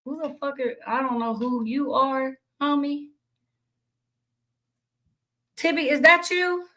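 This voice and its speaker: A young adult woman hosts a livestream and rants bluntly and profanely at her chat, cursing constantly, asking indignant questions, and reading messages aloud. Her high voice holds a steady tone at a slow pace, sounding pushed and bright on a low-quality recording.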